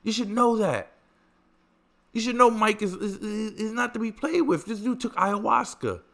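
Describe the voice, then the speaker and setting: A man hosting a podcast, telling stories in a casual, animated way, swearing freely and stressing points through repetition. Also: high voice, moderate pace, gravelly. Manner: animated, profane, emphatic repetition. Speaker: podcast host. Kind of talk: casual storytelling chat.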